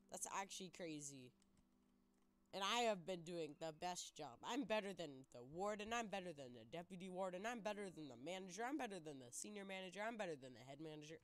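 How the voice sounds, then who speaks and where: A young woman giving excitable gameplay commentary, exclaiming and narrating her moves to viewers. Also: on the low side. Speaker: gaming YouTuber.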